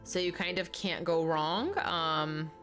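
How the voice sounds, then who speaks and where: A woman's voice: fairly low pitch, steady tone, takes it slowly, a bit bright, soft background music. A young adult woman streaming a life-sim game, chatting casually and talking straight to her viewers. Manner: chatty, talks straight to the chat and answers viewers by name.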